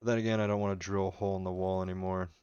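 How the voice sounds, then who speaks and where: A man's voice: low voice, flat delivery, racing, a little mellow, smooth, no room sound, lo-fi sound. A man streaming a strategy game live, chatting casually and rambling with his viewers as he plays. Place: home room.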